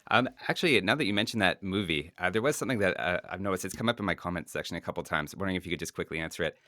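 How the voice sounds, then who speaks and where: A man hosting a video interview, asking questions in a quick, casual way with fillers. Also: low-pitched, bright, forceful tone, no echo, studio quality. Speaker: YouTube host and interviewer.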